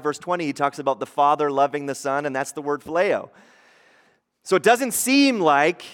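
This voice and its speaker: A man preaching a conversational sermon, swinging from hushed to emphatic, in a church sanctuary. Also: on the high side. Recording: long hall reverb.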